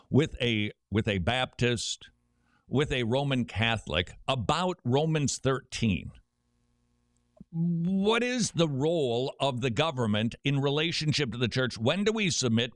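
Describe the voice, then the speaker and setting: A middle-aged man hosting a talk radio show, telling stories with quick joking asides. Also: mid-range voice, a bit bright, no room sound, studio quality.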